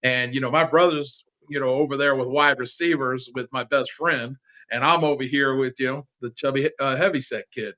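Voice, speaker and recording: Animated, heartfelt man telling stories. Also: medium pitch, moderate pace, rough recording. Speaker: sports fan guest. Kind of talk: casual interview storytelling.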